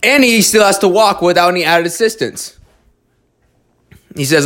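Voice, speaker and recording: A man's voice: sits high, animated, normal speed, fairly bright tone. A man in a casual monologue who talks bluntly and swears freely, stumbling over restarts as he tells a story and gives earnest, motivational advice. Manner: blunt, profane, restarts a lot. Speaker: storyteller giving life advice.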